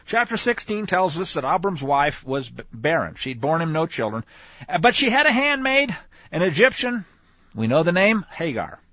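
A man teaching scripture in a conversational way, animated and speaking straight to his listeners. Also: a little high, moderate pace, no echo. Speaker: Bible teacher. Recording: dull lo-fi, dry sound.

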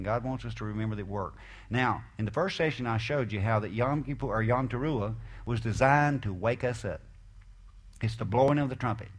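Earnest man preaching, emphatic then hushed. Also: mid-range voice. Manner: earnest, emphatic, rhetorical questions; swings between raised emphasis and quiet asides. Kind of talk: sermon with scripture reading.

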